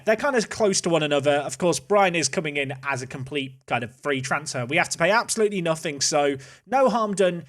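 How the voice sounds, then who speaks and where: A man's voice: fairly high pitch, fairly bright tone. A man hosting casual gameplay commentary, chatty and thinking aloud as he plays. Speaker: host.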